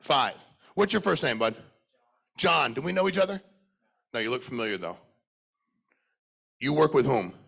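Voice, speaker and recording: Gravelly, blunt sales speaker. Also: male voice, big pitch swings, moderate pace, long pauses, a bit bright. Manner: blunt, profane, high-energy, talks with audience members. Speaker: sales trainer speaking at a conference. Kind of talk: motivational sales talk to a live audience.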